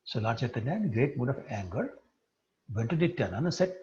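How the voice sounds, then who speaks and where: Animated male devotional storyteller. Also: mid-range voice, brisk. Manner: animated storyteller who poses questions to the listeners. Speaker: religious teacher. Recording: dull lo-fi recording.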